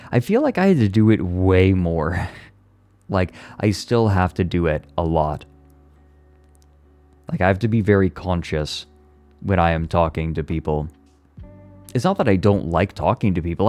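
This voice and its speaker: A man's voice: low voice, darkish tone. A male streamer in casual live chat, rambling with lots of fillers, swearing freely and laughing often.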